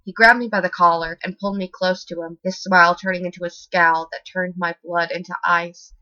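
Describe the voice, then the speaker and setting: A woman reading a horror story as scripted narration in a steady, expressive way, in a slightly muffled dry recording. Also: lowish voice, fairly quick, no echo.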